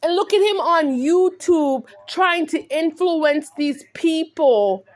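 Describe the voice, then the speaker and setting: A woman's voice: very high voice, expressive, takes it slowly. A woman in an angry, confrontational rant to the camera, repeatedly asking "right?". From California. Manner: confrontational, repetitive, peppered with "right?". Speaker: vlogger.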